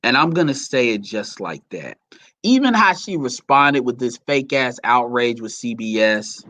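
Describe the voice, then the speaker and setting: A man's voice: mid-range voice, sing-song, a little slow, sharp tone, dry recording. A man giving heated, profane, rambling commentary to his audience. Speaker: commentary vlogger.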